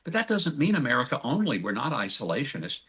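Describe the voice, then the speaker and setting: A man's voice: mid-range voice, big pitch swings, quick pace, fairly bright tone. Older man on a tv interview, folksy, hammers his points home. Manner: emphatic, folksy. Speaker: guest, ambassador. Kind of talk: TV interview answer.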